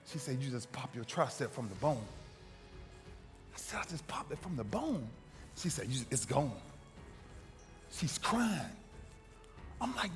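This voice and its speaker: A high-voiced man tells a story with wild swings of pitch, building each point through emphatic repetition. His voice rings out with a long reverb, and soft music plays underneath. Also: sing-song, measured pace, long pauses. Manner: emphatic, repeats phrases for rhythm. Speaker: motivational speaker. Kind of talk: dramatic storytelling speech. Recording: reverberant hall with faint music.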